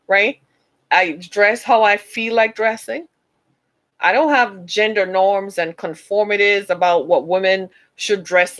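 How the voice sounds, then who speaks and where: Speaking to listeners she calls "y'all," this woman from the US gives a motivational speech with the emphatic energy of a preacher. Her pitch is medium and her tone fairly bright, though the audio is poor.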